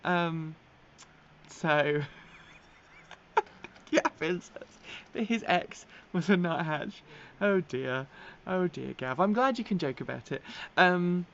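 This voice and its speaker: A woman's voice: lowish voice, takes it slowly, vocal fry. A chatty English woman hosts a casual live stream, rambling with plenty of ums and easy laughter. Her accent now and then slips toward American. The sound is a little dull, with faint noise in the background. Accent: English, with occasional American slips. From England. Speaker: host of an electric vehicle news live stream. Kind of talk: casual live-stream chat, reading viewer comments.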